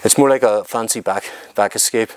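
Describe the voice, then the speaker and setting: A man teaching jiu-jitsu technique during a live demonstration, talking in halting phrases and often checking in with "okay?". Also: lowish voice, smooth, no room sound. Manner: talks while moving on the mat, halting phrases. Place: training room at a retreat. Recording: noisy room recording.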